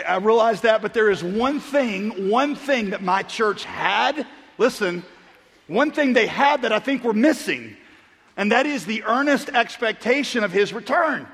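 A middle-aged pastor preaching a sermon, mixing stories with earnest appeals, moving between loud punchlines and hushed asides. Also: male voice, high voice, breathy edge. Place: large church auditorium. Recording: long hall reverb.

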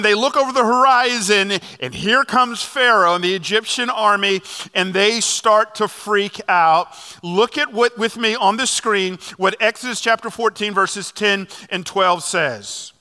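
Pastor mid-sermon, a man with a bright, forceful voice and animated storytelling, echoing through a big church. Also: high voice. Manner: animated storytelling with fillers and restarts. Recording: long hall reverb.

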